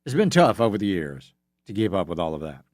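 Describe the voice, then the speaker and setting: Casting: male radio host, sarcastic and mocking, animated swings in pitch, dry studio mic. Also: no echo. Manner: sarcastic, mocking, spells things out slowly. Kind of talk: opinionated talk radio monologue. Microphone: studio microphone.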